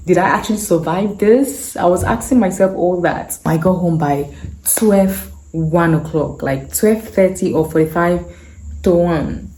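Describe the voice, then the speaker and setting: A woman's voice: low voice, warm tone. A woman, earnestly telling a personal story to camera and repeating phrases for emphasis. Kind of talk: casual storytelling. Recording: echoey room.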